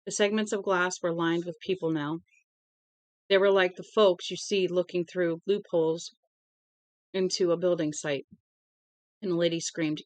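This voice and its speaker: A woman's voice: on the low side, steady tone, moderate pace, long pauses, no room sound. A woman casually reading a novel aloud at home, now and then stumbling over words and correcting herself. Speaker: storybook reader.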